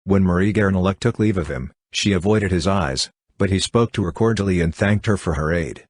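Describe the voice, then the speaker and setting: A man narrates an old novel in a deep, husky voice. His reading is even and measured, with the dialogue voiced only lightly. The recording is dry and close. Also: dry recording. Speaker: audiobook narrator. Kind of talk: scripted narration.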